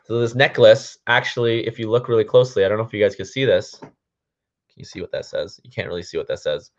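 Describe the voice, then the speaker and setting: A man's voice: lowish voice, fairly even intonation, fast. A man vlogging, casually telling a long story to his viewers, rambling with lots of "like" and "um" fillers. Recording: dull lo-fi recording.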